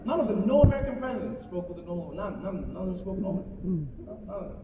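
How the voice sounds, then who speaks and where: A man performing a stand-up comedy set to a live crowd, animated and slipping into quick voice impressions. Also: sits high, highs cut off. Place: large live comedy venue. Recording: echoey arena, far from mic, audience noise.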